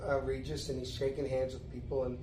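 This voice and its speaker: A man in his sixties, a podcast guest telling a story in an animated, casual way. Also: mid-range voice, a little fast, background noise. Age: 60s. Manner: animated storyteller, acting out others' voices. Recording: echoey room.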